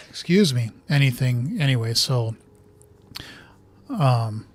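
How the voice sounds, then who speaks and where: A man's voice: mid-range voice, unhurried. A man giving casual let's-play commentary on a horror video game, thinking aloud and muttering as he reads in-game notes. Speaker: gamer playing through a horror video game.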